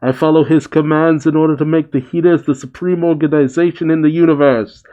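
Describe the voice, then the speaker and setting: A man reading aloud as a proud, easily angered young male warrior, speaking in a curt, stiff and slightly lower, quieter voice. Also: steady tone, brisk, lo-fi sound, natural voice.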